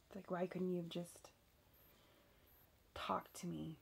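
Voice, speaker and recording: A woman's voice: on the low side, little pitch movement, slow, gravelly, a little hiss or hum. A young woman candidly telling a personal story, swearing freely and using lots of fillers. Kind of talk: casual storytelling.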